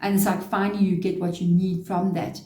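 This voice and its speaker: A woman's voice: lowish voice, level tone, fairly quick, dark tone, echoey room. A woman giving a casual tarot reading to camera, chatty and relaying spirit messages. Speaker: tarot reader.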